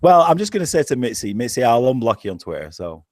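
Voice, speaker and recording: A man's voice: medium pitch, very animated, fast talker, darkish tone, no room sound, clean studio sound. An Englishman with a Yorkshire accent in a casual online chat, laid-back, swearing and laughing often. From England. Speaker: show host.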